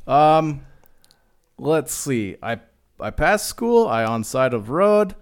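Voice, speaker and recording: A man voicing a confused male coworker who speaks halting broken English and hums and pauses before each answer. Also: medium pitch, sing-song, smooth. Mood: befuddled. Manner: halting, hesitant, with long humming pauses.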